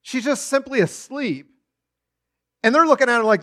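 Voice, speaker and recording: A man preaching a sermon, retelling a story with animated storytelling and short acted-out quotes. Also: extremely high pitch, normal speed.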